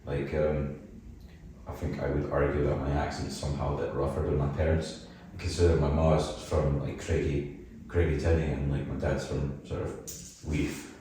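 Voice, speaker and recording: Very deep-voiced man with an Edinburgh accent. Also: monotone, moderate pace, dark tone. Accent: Edinburgh Scottish. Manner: rambling, self-deprecating, laughs often. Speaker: band vocalist guest. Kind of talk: casual podcast chat. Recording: roomy echo, mic at a distance.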